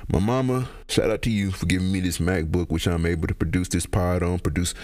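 Relaxed, profane young podcaster man. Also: sits low, a little fast. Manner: loose, profane slang, laughs and trails off. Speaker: podcast host. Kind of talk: casual solo podcast chat.

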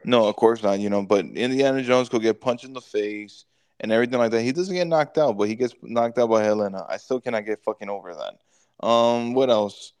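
A man's voice: mid-range voice, a little fast, clean tone, no echo. Guy on a podcast ranting through a movie plot, swears a ton, does little voices, dry sound. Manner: animated, profane, retells scenes in voices. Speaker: podcast co-host. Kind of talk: casual movie review chat.

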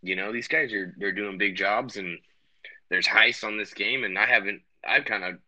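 A man's voice: fairly low pitch, moderate pace, sharp tone, no room sound, lo-fi sound. A man hosting a podcast remotely from his home, talking in a loose, rambling way with many restarts and fillers. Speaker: podcast host. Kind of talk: casual chat. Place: home bedroom. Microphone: remote recording.

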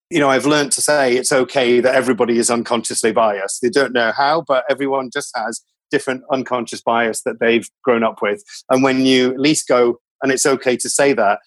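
A man's voice: medium pitch, no echo. A man, a radio company executive, talking in an earnest, reflective way in an interview, often restarting his sentences. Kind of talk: conversational interview.

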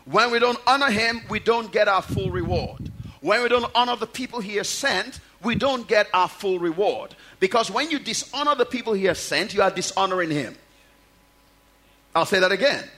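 A man's voice: high-pitched, lively intonation, moderate pace, sharp tone. A man preaching a sermon, reading scripture and telling stories, asking the congregation rhetorical questions.

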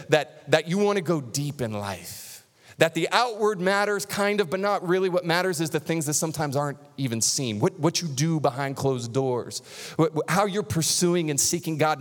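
A man preaching a sermon as pastor, animated and conversational, with touches of humor. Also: a little high, big-room sound.

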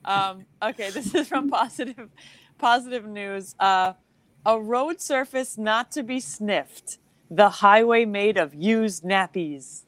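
A woman comedian chatting as a podcast guest, giggly and rambling, telling stories in an animated way. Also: medium pitch, takes it slowly, no room sound. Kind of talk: casual podcast chat.

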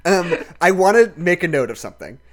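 A podcast host talking casually about a film, animated and laughing often, with lots of fillers and casual swearing. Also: medium pitch, brisk.

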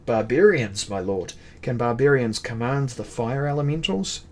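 A man's voice: mid-range voice, lively intonation, moderate pace, slight background noise, close to an everyday voice. A man playing a nervous, sweating guard captain who pleads with his master, in a storybook reading. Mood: anxious. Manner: anxious, pleading.

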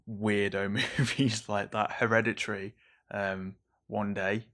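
A young English man chats through a solo podcast on his own. His voice sits a touch low for a man. He rambles in a jumpy, over-caffeinated way and swears casually. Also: a bit bright. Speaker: podcast host reviewing films.

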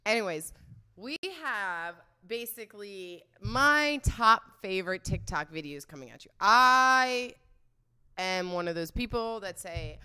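A young woman hosting a casual livestream, loud and laughing, swearing often as she chats to her viewers. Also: lowish voice, big pitch swings, unhurried, clear, resonant tone. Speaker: livestream host.

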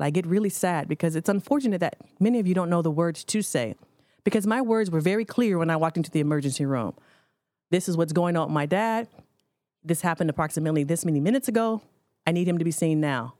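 A woman's voice: fairly low pitch, a little mellow, no echo, clean studio sound. A woman in her forties, a physician, telling a personal story to an audience in an earnest, direct way. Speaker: physician speaker.

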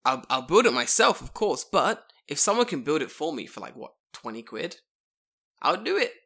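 A man in casual chat, telling an animated story, swearing freely and acting out the people he quotes. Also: on the high side, moderate pace, vocal fry, breathy edge.

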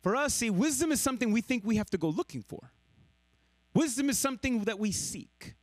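Animated, high-pitched male preacher. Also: fairly quick, no echo. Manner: dynamic preaching, swinging between loud emphasis and hushed lows. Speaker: pastor. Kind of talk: sermon.

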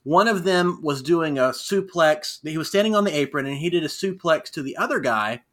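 A man in his thirties co-hosting a casual wrestling chat, animated and rambling with fillers. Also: a little high, a little fast. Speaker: podcast co-host.

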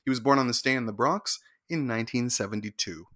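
Bright, crisp-voiced male co-host. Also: mid-range voice, fast talker, no room sound, clean studio sound. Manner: crisp, informative read with wry asides. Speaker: co-host reading celebrity birthdays. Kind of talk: scripted entertainment segment with banter.

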